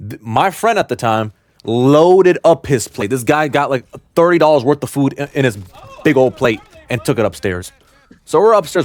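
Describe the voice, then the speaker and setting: A young man telling a personal story to camera in a blunt, slangy, animated way. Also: medium pitch, no room sound. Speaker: storytime vlogger.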